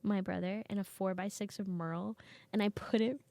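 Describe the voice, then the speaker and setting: Woman, comedian, casual storytelling, animated quoting, dry close sound. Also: mid-range voice, brisk, vocal fry, dry recording. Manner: animated, acts out family members' lines. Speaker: comedian guest. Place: basement studio.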